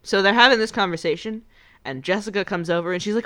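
A woman's voice: on the low side, a little fast, sharp tone. A woman casually recapping a movie in a chatty, playful way, acting out lines as she goes. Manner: chatty, playful, acts out quotes in voices.

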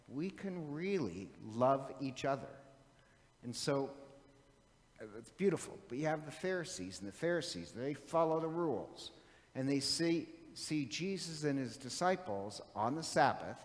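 A man's voice: mid-range voice, in a large hall. A man preaching a sermon in a chatty, joking storytelling manner.

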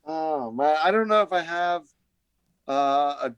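A man's voice: fairly high pitch, expressive, takes it slowly, clear, resonant tone, dry recording, highs cut off. A man guesting on a movie podcast, chatting casually and hesitantly, with lots of ums and uhs. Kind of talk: casual chat.

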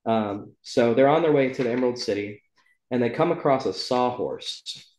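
A podcast host leads a casual book club chat in a mid-range, slightly mellow voice at a moderate pace, rambling loosely with lots of ums and self-corrections. The recording has a roomy echo and a little hiss or hum.

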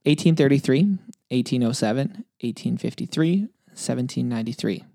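A man reading multiple-choice quiz questions aloud in a relaxed, casual chat, then talking over the answers. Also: medium pitch, moderate pace, gravelly, no echo. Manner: reads options steadily, relaxed and dry. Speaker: quiz reader, co-host.

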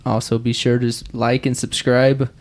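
A man with a Midwestern American accent hosts an easygoing family podcast episode from home. His voice has a gravelly, creaky texture. He talks in a playful, chuckling way and gently coaxes answers out of a small child. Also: mid-range voice, little pitch movement, normal speed. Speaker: podcast host. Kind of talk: casual podcast chat with his young son.

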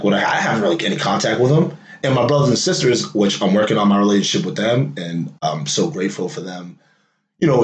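A man's voice: fairly low pitch, echoey room, low-quality recording. A man in his late thirties talking candidly in a casual personal monologue, loose and conversational, full of fillers and wry laughs. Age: late 30s.

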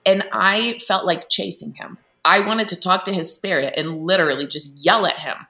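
Low, bright-voiced woman telling her story. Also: normal speed. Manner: earnest, animated, many fillers and restarts. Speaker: guest. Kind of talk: candid storytelling interview.

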